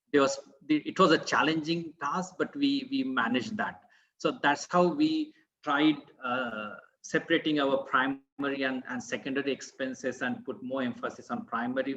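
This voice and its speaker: A man on an online business panel, explaining step by step with frequent pauses. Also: mid-range voice, pushed and bright, highs cut off. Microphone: video call.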